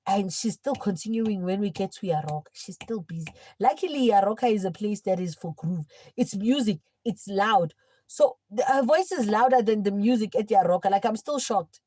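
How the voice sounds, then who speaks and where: A young woman livestreaming, telling a personal story in casual chat and swinging between hushed and loud. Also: mid-range voice, no room sound, rough recording.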